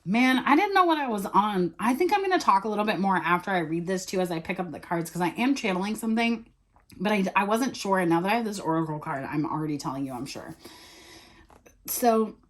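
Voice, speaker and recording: A woman's voice: medium pitch, animated, quick pace. A woman doing a casual tarot reading, chatting and thinking aloud as she turns and reads the cards. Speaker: tarot reader.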